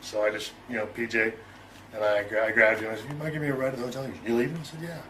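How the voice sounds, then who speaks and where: A man's voice: mid-range voice, fairly even intonation, racing, pushed and bright, slight background noise, low-quality recording. A middle-aged man telling a story in an interview, loose and profane, chuckling and acting out both sides of an argument. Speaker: interview guest.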